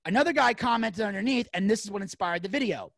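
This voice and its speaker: A man telling a story in casual podcast chat, fast and profane, acting out angry quotes. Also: high voice, animated, a bit bright, no echo. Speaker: podcast guest.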